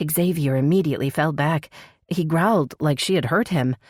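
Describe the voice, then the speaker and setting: A woman narrating a romance audiobook in a measured, sensual manner. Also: deep voice, a little mellow, breathy edge, no echo, clean studio sound.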